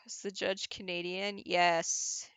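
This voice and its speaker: A woman streaming a video game, commenting loudly and with exasperation, swearing. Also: lowish voice, smooth, no room sound.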